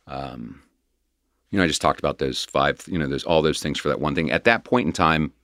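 A man's voice: rumbling low, fairly bright tone, no room sound, studio quality. A middle-aged man earnestly telling his personal recovery story in a candid, rambling conversational way. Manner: earnest, emotional, rambling with restarts and quick laughs.

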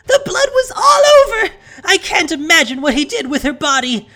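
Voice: very high voice, big pitch swings, moderate pace, bright, forceful tone, pitched above the performer's own voice, heavily acted. A narrator voicing a hysterical innkeeper's wife who shrieks and wails in tearful panic. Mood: wailing. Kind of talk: audiobook narration.

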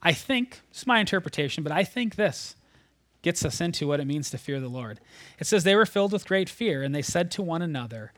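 A man preaching a sermon, retelling a scripture story in a conversational, animated way, sometimes dropping almost to a whisper. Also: on the high side, a little fast, dry recording.

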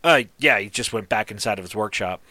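Male game master, relaxed halting narration, bright tone, dry. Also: lowish voice, dry recording.

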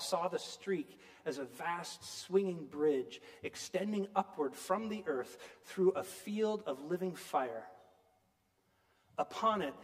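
A man preaching a sermon, retelling a story in an animated, emphatic storytelling manner. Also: a little high, long reverb tail.

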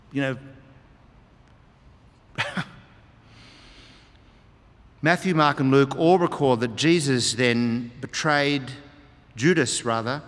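A man's voice: mid-range voice, fairly bright tone. A man preaching a sermon, reading scripture aloud and explaining it with emphatic repetition. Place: church hall. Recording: long hall reverb.

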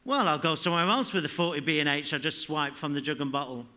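A man's voice: a little high, fast, sharp tone. A man voicing a young, scrappy boy who speaks eagerly and bluntly.

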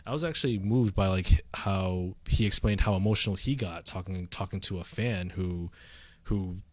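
A man's voice: low-pitched, normal speed, no room sound. A man co-hosting a casual chat, rambling with lots of fillers and restarts. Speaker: podcast co-host.

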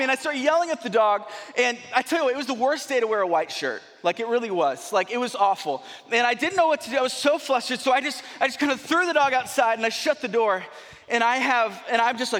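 A young man preaching, telling a rambling, animated story with many restarts. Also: sits high, fast. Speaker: pastor. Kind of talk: sermon storytelling. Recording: long hall reverb.

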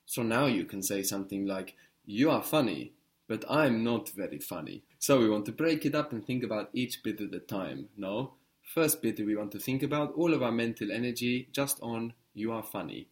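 A man teaching a language lesson, patiently prompting a student step by step with steady encouragement. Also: on the low side, moderate pace.

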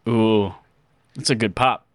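A man's voice: fairly low pitch, slow pace, dry recording, clean studio sound. A man hosting a casual gaming podcast, goofy and jokey, slipping into silly voices. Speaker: podcast host.

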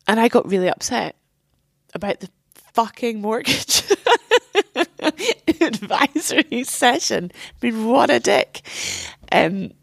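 A woman's voice: on the high side, unhurried, creaky, dry recording, clean studio sound. A young woman telling a painful personal story as an interview guest, candid and swearing, acting out what others said.

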